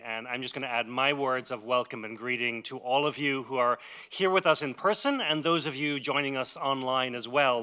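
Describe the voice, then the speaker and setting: Casting: man with a bright, forceful voice delivering a brisk welcome address. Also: mid-range voice, clean tone. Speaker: library president giving welcome. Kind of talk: formal welcome speech. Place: library event hall.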